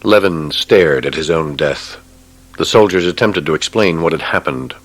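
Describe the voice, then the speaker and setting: A man narrating a war novel audiobook in a measured, grave way. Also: rumbling low.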